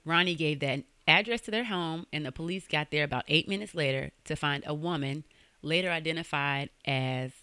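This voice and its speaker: A woman's voice: deep voice, sharp tone, clear, resonant tone, no room sound. A young woman hosting a podcast, telling a true-crime story in a casual, slangy way and swearing freely. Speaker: podcast host.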